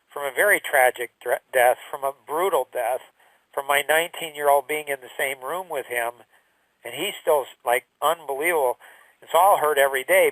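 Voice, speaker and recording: A middle-aged man talking earnestly and haltingly, sharing a personal story of loss. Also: a little high, a bit bright, no echo, far from the mic, poor audio. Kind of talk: emotional personal talk.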